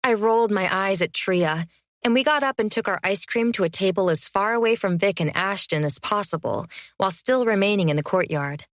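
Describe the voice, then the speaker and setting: A woman narrating a first-person fantasy audiobook in an even, measured storytelling manner. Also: medium pitch, dry recording, clean studio sound.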